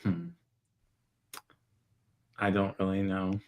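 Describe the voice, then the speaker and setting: A man's voice: low voice, monotone, slow pace. A man co-hosting a casual book chat, offering theories in a wry, laid-back way. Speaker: podcast co-host.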